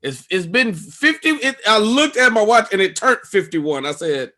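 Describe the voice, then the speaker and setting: A male stand-up comedian telling a profane story on a podcast, acting out everyone's lines with sudden leaps in pitch and volume. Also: very animated, normal speed, hardly any pauses. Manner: profane, acts out people's lines with big jumps in pitch and loudness.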